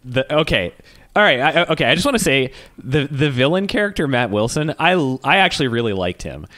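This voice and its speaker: A man's voice: mid-range voice, sing-song, fairly quick, sharp tone. Young male co-host, casual rambling movie chat, mid-range voice, many restarts. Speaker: podcast co-host.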